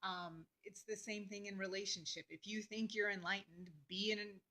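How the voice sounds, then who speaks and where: A woman vlogger talking earnestly and openly about her feelings, with many fillers and pauses. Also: medium pitch, fairly even intonation, bright, forceful tone, poor audio. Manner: earnest, heartfelt, talks through emotion with many fillers. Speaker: astrology vlogger. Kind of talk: personal reflective talk to camera.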